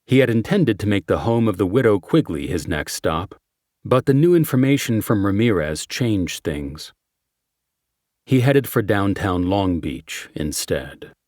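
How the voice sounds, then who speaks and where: Low-voiced male audiobook narrator. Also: dry recording, studio quality. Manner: measured, steady reading. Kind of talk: scripted narration.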